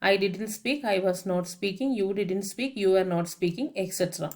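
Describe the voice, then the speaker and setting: Brief: a woman as patient language teacher, grammar voice-over, slow spelling of each word. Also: medium pitch, a little mellow. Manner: methodical, spells words out letter by letter; explains each point with English translations. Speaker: French teacher.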